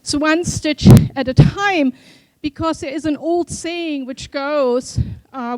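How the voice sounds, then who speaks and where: A woman's voice: sits high, slow pace, no room sound. A woman professor giving a short conference talk in a chatty way, with frequent fillers. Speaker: university professor. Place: conference hall stage.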